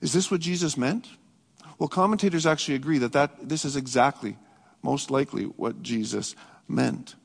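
A man preaching a sermon as pastor, earnest, rising to emphatic peaks and dropping to soft reflective passages. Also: mid-range voice, moderate pace, gravelly, slightly rough. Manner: earnest, swings between raised emphatic and soft reflective delivery. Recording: long hall reverb.

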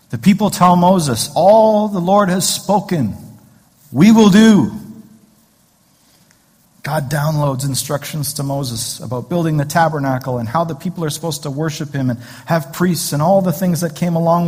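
A man's voice: on the high side, a little mellow, breathy edge. A man pastor giving a conversational sermon in a church sanctuary, with joking asides and rhetorical questions, heard with long hall reverb.

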